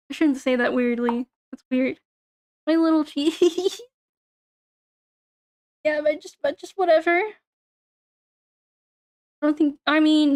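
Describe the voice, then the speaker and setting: A young woman with a high, light voice chats away on a stream. She rambles from topic to topic and swears freely. She giggles often and keeps things loose and informal. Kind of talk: casual chat stream.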